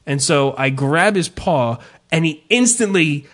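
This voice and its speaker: A man's voice: on the high side, lively intonation, a little slow. Profane man telling a rambling story. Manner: profane, self-mocking storyteller who yells his own quotes. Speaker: podcast host. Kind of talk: casual storytelling chat.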